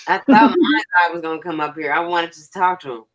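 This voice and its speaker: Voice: mid-range voice, a little fast, a bit bright, poor audio. A stream host chatting casually, easygoing, with brief replies. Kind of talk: casual chat.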